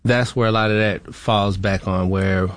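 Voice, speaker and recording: A man answers interview questions haltingly, full of "uh" and "right?". His voice sits fairly low. The sound is dry and close. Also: steady tone, dry recording. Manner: hesitant, many "uh" and "right?". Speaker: interview guest, veteran. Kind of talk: interview conversation.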